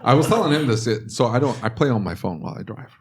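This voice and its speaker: A man co-hosting a casual podcast chat, telling stories with loud acted-out outbursts. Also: medium pitch, fast, slightly rough. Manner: animated storyteller, rants with loud acted-out outbursts. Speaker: podcast co-host.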